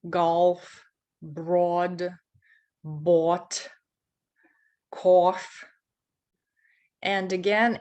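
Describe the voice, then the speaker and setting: Woman teacher going really slow, lowish voice, repeating words so you can copy them. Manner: slow, deliberate, repeats words to model sounds. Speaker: English teacher. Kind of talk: pronunciation lesson.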